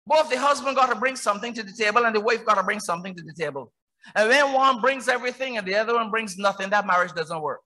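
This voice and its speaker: A man with a Barbadian accent preaching a sermon as pastor. He preaches emphatically, firing rhetorical questions that build to shouts. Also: high-pitched, lively intonation, fast. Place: church.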